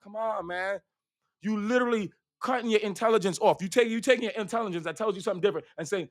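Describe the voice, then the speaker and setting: High-voiced man ranting in stand-up. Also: fast, no room sound, studio quality. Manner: profane, rambling, repeats himself; swings between loud bursts and hushed asides. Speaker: stand-up comedian. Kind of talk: stand-up routine.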